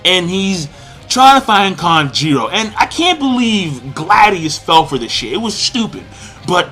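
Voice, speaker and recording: Speaking a little slowly, a young man delivers an excitable, profane manga review, wandering off track and frequently erupting into shouts. Faint music plays underneath his slightly high, sharp, bright voice, whose pitch swings widely.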